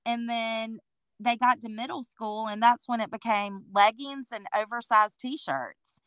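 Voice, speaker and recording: A woman's voice: fairly high pitch, measured pace, clear, resonant tone, no echo. A woman in her forties, a boutique owner and interview guest, telling her story conversationally and acting out what people said. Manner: lively storyteller who acts out what people said.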